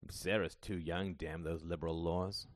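A man's voice: deep voice, steady tone, moderate pace, no echo, studio quality, lightly acted. A man reading the part of a middle-aged father who rambles, wheedles and swears, worried about money. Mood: rambling.

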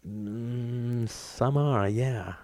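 A man voicing a meek wealthy wife, speaking hesitantly in a very soft murmur. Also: medium pitch, extremely slow, dry recording. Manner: hesitant, confessional.

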